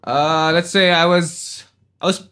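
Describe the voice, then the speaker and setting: A man's voice: a little high, fairly even intonation, slow pace, pushed and bright, clear, resonant tone. A man with an American accent chatting casually as a podcast guest, laid-back, swearing freely and laughing often. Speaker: comedy show organizer, podcast guest.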